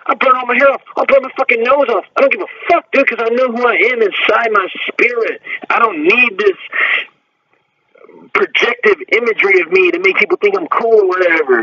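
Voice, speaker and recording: A man's voice: sits high, sharp tone, breathy edge. A man talking in a casual chat, boastful and profane, rambling with many fillers. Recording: distant, dull lo-fi mic with faint noise.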